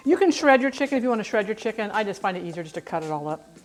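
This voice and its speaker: Here a middle-aged woman livestreams her cooking, chatting in a rambling, self-deprecating way. Her mid-range voice is expressive and very fast.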